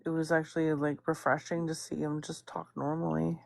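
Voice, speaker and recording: A woman's voice: sits low, flat delivery, a little fast, gravelly, dry recording. A woman gossiping casually on a livestream, rambling, swearing freely and laughing often. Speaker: guest chatting on stream.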